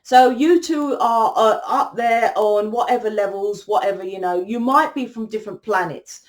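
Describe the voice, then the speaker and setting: A woman's voice: medium pitch, moderate pace. Casting: young woman, host of a spiritual channel, loose chatty monologue with frequent swearing. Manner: rambling, chatty, swears freely. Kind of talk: casual monologue.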